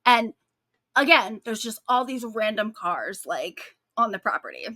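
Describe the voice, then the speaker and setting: Woman podcast co-host, bright and higher-pitched, casual and sarcastic. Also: measured pace, no echo, studio quality. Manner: animated, sarcastic storytelling with frequent likes. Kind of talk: casual true-crime chat.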